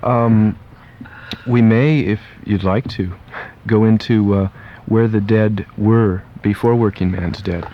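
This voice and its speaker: A man hosting a casual radio interview as disc jockey, chatty and quick with fillers and restarts, in a radio studio. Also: lowish voice, fairly even intonation, a little hiss or hum. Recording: dull lo-fi archival radio tape.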